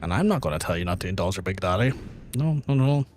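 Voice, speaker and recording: A man's voice: deep voice, expressive, rapid-fire, slight background noise. A young man streaming a video game, chatting casually with his viewers in a rambling, profane way. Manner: rambling, profane, talks straight to chat.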